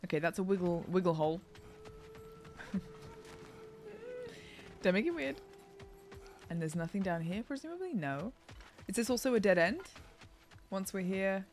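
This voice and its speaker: A woman's voice: mid-range voice, sing-song, normal speed, pauses often, a little mellow, faint music behind. A young woman streamer chatting and reacting aloud as she plays a video game. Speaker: gaming streamer. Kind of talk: let's play commentary.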